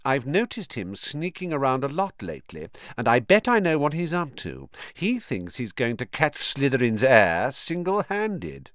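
A man's voice: mid-range voice, wildly swooping pitch, normal speed, hardly any pauses, fairly bright tone, no room sound, clean studio sound, voice pushed up. A man reading an audiobook, voicing an arrogant teenage boy who drawls and sneers. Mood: sneering.

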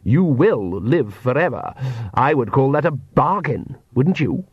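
A man voicing a suave, menacing vampire count who mocks his foes in a smooth, drawn-out way, in an audiobook. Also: medium pitch, sing-song, no room sound. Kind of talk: audiobook character voice. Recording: dull, dry lo-fi recording.

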